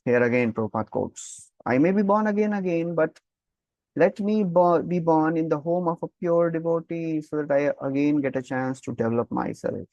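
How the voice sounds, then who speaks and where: A man's voice: fairly high pitch, darkish tone, no room sound, muffled recording. Man teaching a scripture class. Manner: explains slowly, repeats key terms, asks the class questions; switches between English and Hindi, chants verses. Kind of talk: scripture lecture.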